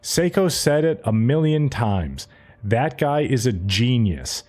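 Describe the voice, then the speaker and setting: A brash, foul-mouthed old yokai granny, as a man puts her on, cranky and blunt, her voice jumping up high when she gloats. Lively and loose. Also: slow pace. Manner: brash, swearing.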